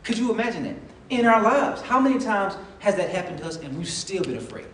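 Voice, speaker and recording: A man's voice: high-pitched, sing-song, fairly quick, fairly bright tone, slight background noise. A man preaching a sermon, telling the story in a casual, conversational way and acting out dialogue. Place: church sanctuary. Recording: echoey hall from far off. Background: congregation responses.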